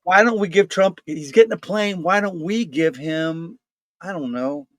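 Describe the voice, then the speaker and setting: A man's voice: high-pitched, unhurried, fairly bright tone, no room sound. Male comedy podcast co-host, riffing casually, laughs a lot. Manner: joking, riffing, laughs often.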